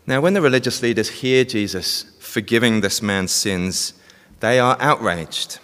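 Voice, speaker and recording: A man's voice: mid-range voice, measured pace, a bit bright. A man preaching a sermon, telling a story and asking the congregation questions. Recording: long hall reverb.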